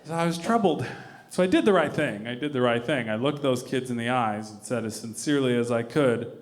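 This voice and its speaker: Male stand-up comedian, animated storyteller with a lively, swooping delivery. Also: medium pitch, brisk. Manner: loose storytelling with casual swearing.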